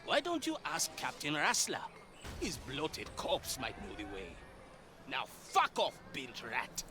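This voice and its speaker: A scornful pirate captain. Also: male voice, huge pitch swings, measured pace, over music. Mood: mocking. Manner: theatrical, contemptuous, booming insults. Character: scornful male pirate captain, gruff and menacing.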